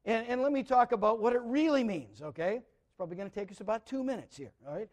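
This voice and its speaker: A man preaching a sermon, often restarting words and checking in with the congregation, moving between loud emphatic lines and quiet asides. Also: very high-pitched, animated, quick pace. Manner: repeats words as he restarts, asks the audience "right?". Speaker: pastor.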